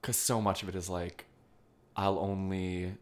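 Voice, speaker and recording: Very low-pitched chatty woman. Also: a little slow. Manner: chatty, lots of fillers like um and like, excitable. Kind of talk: casual chat.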